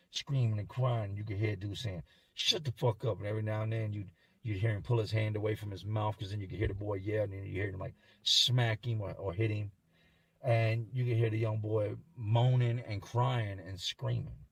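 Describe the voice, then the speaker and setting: A man tells a first-person story in a somber, haunted way, often pausing and breaking off. His voice is husky and sits on the low side. The sound is dry and close to the mic. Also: dry recording.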